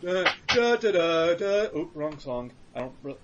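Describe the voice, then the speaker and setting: A man's voice: fairly high pitch, big pitch swings, unhurried, muffled recording, background noise. A man hosting a casual podcast chat, joking and swearing, slipping into mocking voices. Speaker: podcast host.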